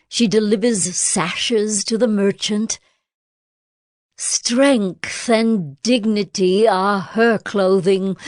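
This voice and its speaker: Female scripture reader, unhurried, measured, dry close recording. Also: mid-range voice, no room sound. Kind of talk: scripted Bible reading.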